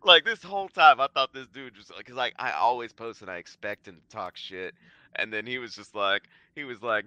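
A man talking as a podcast guest in casual chat, an animated storyteller who swears freely. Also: mid-range voice, a little fast, clear, resonant tone, no echo, lo-fi sound. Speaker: podcast guest, jiu-jitsu black belt.

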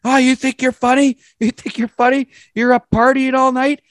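A man voicing a furious middle-aged motel guest who yells accusations at someone. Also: little pitch movement, normal speed, dry recording, clean studio sound. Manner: shrill, accusing yelling.

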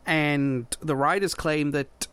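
A man's voice: fairly high pitch, steady tone, slow, a bit bright, smooth. A man co-hosting a podcast in casual chat, often restarting and repeating his words. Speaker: podcast co-host.

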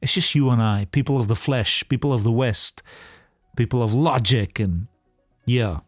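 A man preaching a short sermon in an earnest, halting way, often repeating words as he goes. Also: mid-range voice, dry recording, faint music behind.

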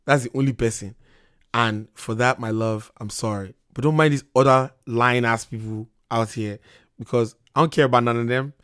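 A young man hosting a podcast, teasing and excitable, with his voice going hoarse. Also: medium pitch, normal speed, no room sound, studio quality. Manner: teasing, loud and excitable, slips into Nigerian pidgin. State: losing his voice. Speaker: podcast host. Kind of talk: casual podcast banter.

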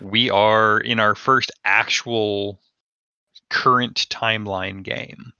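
A man hosting a casual podcast chat, relaxed and conversational, asking his co-player questions. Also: on the low side, slow pace, clean tone, no echo, dull audio. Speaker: podcast host.

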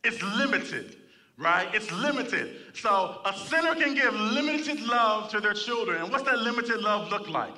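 A man's voice: sits high, animated, a little slow, sharp tone, recorded from a distance. A man preaching a sermon in church, reading scripture and calling for responses from the congregation. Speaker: pastor.

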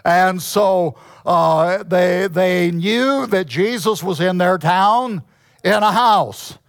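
Male pastor preaching; unhurried, deliberate, clears his throat often; dry close sound. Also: high-pitched, no echo. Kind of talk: sermon.

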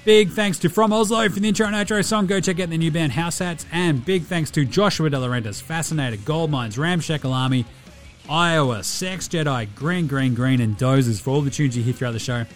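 A man hosts a casual podcast and ribs his listeners. His voice sits on the high side. Faint music plays underneath him. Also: a little fast. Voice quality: brash, joking. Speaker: podcast host.

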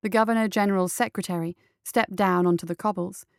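A woman narrating an audiobook in a steady, measured storytelling manner. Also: mid-range voice, gravelly, clean tone, dry recording, clean studio sound.

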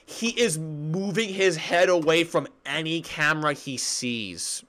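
A young man co-hosting a casual sports podcast, excitable and giggly, tripping over and repeating his words. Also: fairly high pitch, measured pace. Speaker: podcast co-host.

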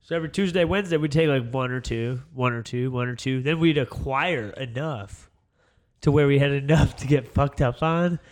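A man's voice: mid-range voice, normal speed. A young man co-hosting a podcast, rambling loosely in casual chat, full of fillers. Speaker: podcast co-host.

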